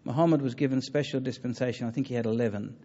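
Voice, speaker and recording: A man giving a public talk on religion and taking audience questions, earnest and halting, with many fillers and restarts. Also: medium pitch, fairly even intonation, dark tone, highs cut off. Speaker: lecturer on religion.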